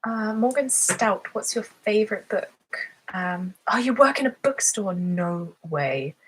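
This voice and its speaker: A woman's voice: medium pitch, expressive, unhurried, a little hiss or hum. A woman hosting her ASMR channel's live stream who chats casually, reads out viewer comments and giggles often. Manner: chatty and giggly, laughs often.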